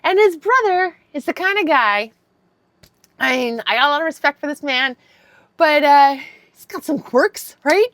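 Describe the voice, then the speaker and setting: A woman in her fifties tells a story straight to camera in a voice set a little on the high side. Her delivery is animated and candid, with casual swearing. The sound is close and dry. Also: normal speed, dry recording. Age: 50s. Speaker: vlogger.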